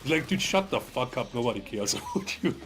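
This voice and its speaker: A man's voice: mid-range voice, big pitch swings, brisk, fairly bright tone, soft background music. A man chatting casually on a podcast, rambling through a long story with plenty of fillers, stammers and swearing. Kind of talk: casual chat.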